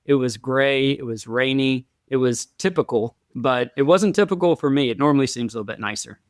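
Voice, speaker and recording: A man's voice: medium pitch, a little fast, no echo, clean studio sound. A man hosting a podcast interview, chatty and friendly, often repeating words as he talks. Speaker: podcast host.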